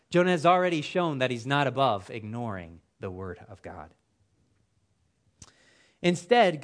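A man preaching a sermon, with an expressive, emphatic delivery whose phrases fall away at the ends. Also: on the high side.

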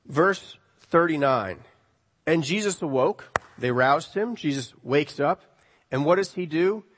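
Guy preaching, bit high voice, gets loud then quiet, church echo. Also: a little slow, a little hiss or hum. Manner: animated, swings from loud to hushed. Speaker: pastor. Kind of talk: sermon. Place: church sanctuary. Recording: long reverb of a hall.

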